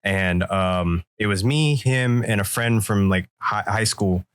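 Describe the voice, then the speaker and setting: A man's voice: on the low side, a little slow, fairly bright tone, smooth, no echo, clean studio sound. A man co-hosting a podcast, telling a story in loose, profane chat and acting out the quoted lines. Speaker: podcast co-host. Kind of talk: casual storytelling.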